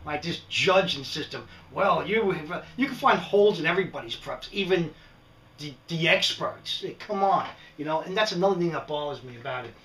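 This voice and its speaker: A man's voice: fairly high pitch, moderate pace, recorded from a distance. A middle-aged man with a New York accent, ranting casually and rambling in a vlog, often tossing in "right?". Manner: animated, rambling, frequent "right?" asides. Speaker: prepping vlogger. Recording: echoey room, speaker away from the mic.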